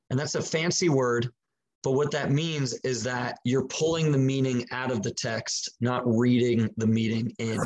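A man giving relaxed, practical advice on daily Bible reading and prayer, talking conversationally with frequent fillers and restarts. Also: medium pitch, rough recording. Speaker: Christian teacher. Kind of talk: casual teaching talk.

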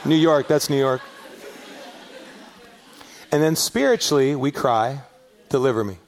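A middle-aged man from Los Angeles preaching a sermon as pastor, telling a story with animated rises and shouted peaks. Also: on the high side, takes it slowly, a faint crowd, slight background noise. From Los Angeles area, US.

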